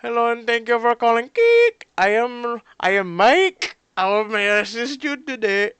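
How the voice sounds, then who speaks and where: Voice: medium pitch, animated, a little slow, fairly bright tone, clear, resonant tone, dry recording, pitched above the performer's own voice. A vlogger voicing a polite male tech support agent with an Indian accent, reciting a scripted greeting. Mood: chipper. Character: cheerful call-centre tech support agent, adult man.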